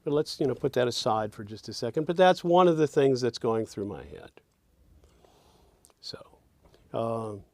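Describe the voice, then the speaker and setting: A man teaching songwriting, thinking aloud as he drafts lyrics and quietly hums and sings the lines he is trying out. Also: mid-range voice, lively intonation, normal speed, long pauses, dry recording.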